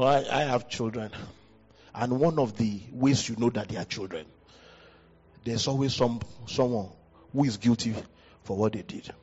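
Animated preaching man in a reverberant hall. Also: husky. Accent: West African. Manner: animated preaching, jumps high in pitch for emphasis. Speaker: pastor. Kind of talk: sermon. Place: church hall. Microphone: handheld mic. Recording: dull hall recording with long reverb.

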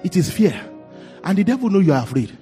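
A male pastor preaching a sermon, swinging from quiet storytelling to shouted declarations. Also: high voice, big pitch swings, quick pace, faint music behind.

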